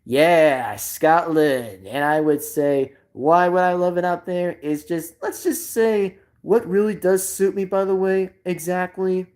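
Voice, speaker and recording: A woman hosting a live stream in loose, rambling chat. Her voice sits a little low for a woman. She strings her thoughts together with constant fillers and asides. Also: takes it slowly, hardly any pauses, darkish tone.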